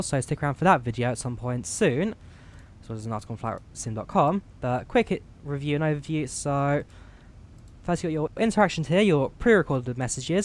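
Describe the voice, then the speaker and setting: A man from the UK giving relaxed, chatty commentary while flying a flight simulator, explaining each menu as he clicks through it on a headset mic. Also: medium pitch. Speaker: flight sim streamer. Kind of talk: casual gameplay commentary.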